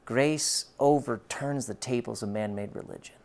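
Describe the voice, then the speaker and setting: A man's voice: mid-range voice, lively intonation, measured pace. Emphatic male pastor preaching. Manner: emphatic, shifts between soft and loud. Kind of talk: sermon.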